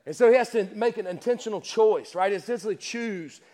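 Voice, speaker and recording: A man preaching at a church service speaks from high in his range with a darkish tone, his sermon echoing through a large hall. He's emphatic and repetitive, hurling rhetorical questions and tripping over rapid restarts.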